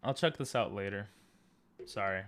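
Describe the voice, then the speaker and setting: A young man streaming live, reacting to videos and teasing his chat in a goofy way, often sliding into a low mutter. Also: normal speed, fairly bright tone.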